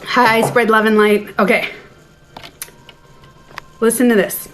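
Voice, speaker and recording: A middle-aged woman with a fairly high voice talks casually to her viewers during a live stream, slightly out of breath. She chats in a self-interrupting way and reads out their comments as she goes. Faint music plays in her den at home. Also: level tone, takes it slowly. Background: soft music playing.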